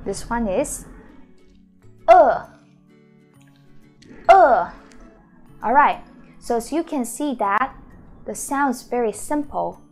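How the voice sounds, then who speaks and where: A woman teaching Mandarin to total beginners, speaking slowly and deliberately. She models each syllable several times in a somewhat high voice, with faint music playing underneath. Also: animated. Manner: slow, drawn-out model pronunciations with repeated syllables. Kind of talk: beginner language lesson.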